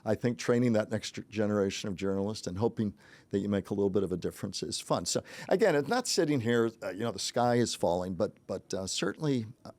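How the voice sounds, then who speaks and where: A man's voice: on the low side, lively intonation, quick pace, darkish tone, no room sound. An older man hosting a casual podcast chat, reflective and chuckling, with many restarts. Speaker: podcast host, journalism teacher.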